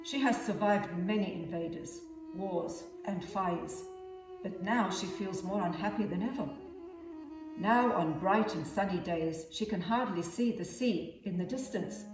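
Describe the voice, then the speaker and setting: A teacher reading a children's story aloud in a gentle, measured way. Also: female voice, medium pitch. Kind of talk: storybook narration. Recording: echoey room, far from mic, music behind.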